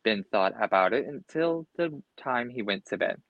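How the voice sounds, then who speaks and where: A man's voice: medium pitch, expressive, moderate pace, dry recording, highs cut off. A man reading a children's storybook aloud expressively, with occasional slips and restarts. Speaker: storybook reader.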